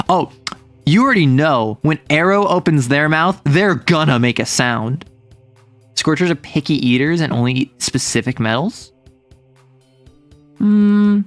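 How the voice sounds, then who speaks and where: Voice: mid-range voice, a bit bright, no echo. A young adult streamer chatting casually with chat, playful and teasing, reading messages aloud. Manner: playful, teasing, lots of laughs and mock threats.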